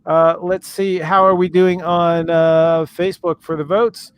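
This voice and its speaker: A man moderating a live comedy debate stream, pausing often with filler sounds. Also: on the high side, flat delivery, clear, resonant tone. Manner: hesitant, many filler sounds.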